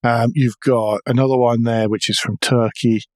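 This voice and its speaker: Male podcast co-host, mid-pitched, casual and halting, dry close mic. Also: flat delivery, a little mellow, no echo. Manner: chatty, hesitant with fillers and restarts. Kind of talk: casual chat.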